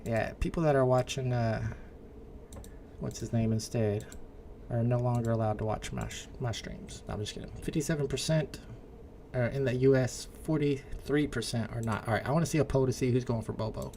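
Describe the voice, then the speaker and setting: A man's voice: mid-range voice, a little fast, warm tone, slight background noise. Chatty livestreaming man, Indiana accent. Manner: chatty, reads and answers chat comments. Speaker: livestream host. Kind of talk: casual livestream chat.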